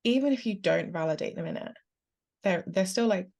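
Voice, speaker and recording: A woman's voice: lowish voice, expressive, a little fast, creaky, a little mellow. A woman hosting a podcast, speaking in an earnest, reflective way and asking long, layered questions in casual interview chat. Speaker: podcast host.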